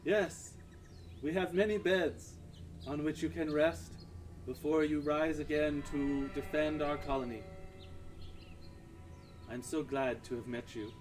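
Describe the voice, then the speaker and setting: A gracious fairy queen voiced by a man speaks softly and gently, with a raised, lilting pitch for her tabletop game. Music plays behind her. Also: steady tone, slow pace, long pauses, recorded from a distance. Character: tearful fairy queen of a fey colony.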